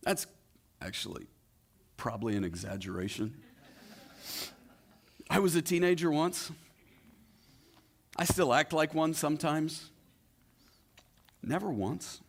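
A male pastor preaching a sermon, retelling a story with rhetorical questions and dramatic pauses. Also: a little high, expressive, gravelly.

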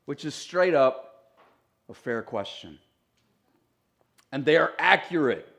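A pastor preaching a sermon in a church, talking conversationally with joking asides to the congregation. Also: male voice, a little high, expressive, slow, creaky, a bit bright. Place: church sanctuary.

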